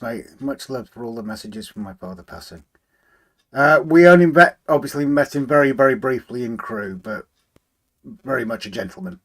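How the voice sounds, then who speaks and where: A man hosts a relaxed livestream from his model railway room. He reads out viewer comments, greets each person by name in a friendly, chatty way, and hums to himself while he tinkers with the layout. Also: mid-range voice. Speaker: livestream host. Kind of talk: casual live chat, reading out viewer comments.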